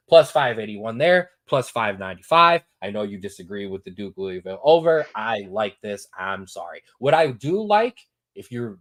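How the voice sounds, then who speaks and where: Animated male sports host, casual and repetitive, big pitch swings. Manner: animated, repetitive, hypes picks. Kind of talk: casual sports betting talk.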